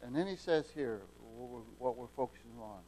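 A man's voice: mid-range voice, expressive, brisk, slight background noise, poor audio. Folksy preacher man, surging delivery. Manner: folksy preaching, repeats words, swings from quiet to loud. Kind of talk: sermon.

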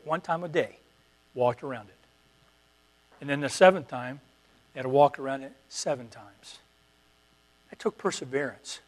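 Man preaching a sermon, soft to emphatic. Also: mid-range voice. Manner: preacherly, repetitive exhortations swinging from quiet to emphatic. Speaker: pastor.

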